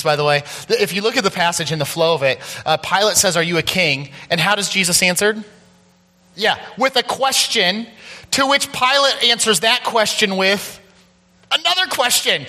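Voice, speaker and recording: A man leading a casual Bible discussion as pastor, playful and animated as he thinks aloud. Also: sits high, in a large hall.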